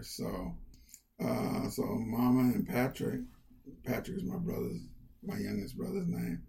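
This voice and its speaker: An older man, a county councilmember, telling personal stories in an interview, animated and acting out family quotes. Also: mid-range voice, vocal fry. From United States. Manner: animated, lively storyteller who acts out family quotes. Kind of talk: conversational storytelling.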